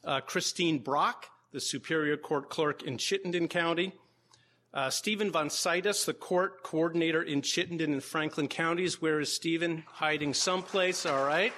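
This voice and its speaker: Man, law professor, conference welcome speech, bright tone, slightly high pitch, wry asides, lecture room. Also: moderate pace. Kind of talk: opening remarks at a conference. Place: lecture room with live audience.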